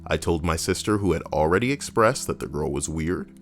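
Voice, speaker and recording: Very deep-voiced male streamer, reads stories aloud, cuts in with blunt, foul-mouthed commentary. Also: animated, a little fast. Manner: blunt, profane asides.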